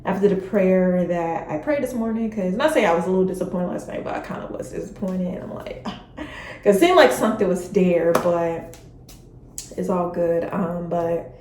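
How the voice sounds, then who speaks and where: A woman's voice: lowish voice, moderate pace, darkish tone. Chatty woman vlogger in a roomy space. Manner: chatty and openly emotional, speaks directly to viewers. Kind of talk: casual personal vlog. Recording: roomy, a bit distant from the mic, faint hiss.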